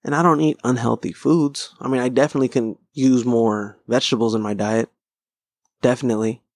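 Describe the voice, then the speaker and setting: A man's voice: mid-range voice, fairly even intonation, brisk, dry recording. A male podcast host rambles through a casual solo chat, swearing freely and poking fun at himself. His voice sits in a middle register. The close mic sounds dry, with no room around it. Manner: rambling, profane, self-deprecating. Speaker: podcast host and stand-up comic.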